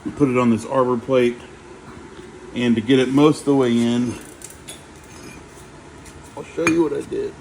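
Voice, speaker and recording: Guy in his garage doing a diy fix, thinking out loud, lots of ums, mid-pitched. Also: fairly even intonation, measured pace, creaky, pauses often, background noise. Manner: rambling, hands-on, thinks aloud with fillers. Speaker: DIY vehicle repair vlogger. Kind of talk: casual how-to narration while working. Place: home garage.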